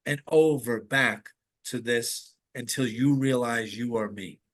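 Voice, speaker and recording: A man voicing a gentle, all-knowing male God in a story he is retelling. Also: medium pitch, lightly acted. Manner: soft, slow and kindly.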